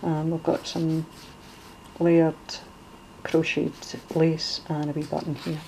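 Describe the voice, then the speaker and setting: A woman's voice: sits low, monotone, slow pace, background noise. A middle-aged Scottish woman with a Glasgow accent, chatting casually as she shows off a handmade journal, with lots of fillers and restarts. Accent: Glaswegian Scottish. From Scotland. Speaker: crafter showing a junk journal. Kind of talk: casual show-and-tell.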